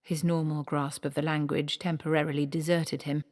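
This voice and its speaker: A woman reads a novel aloud in a measured, expressive way. Her voice sits lowish for a woman. A long hall reverb trails each sentence. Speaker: audiobook narrator. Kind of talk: storybook narration.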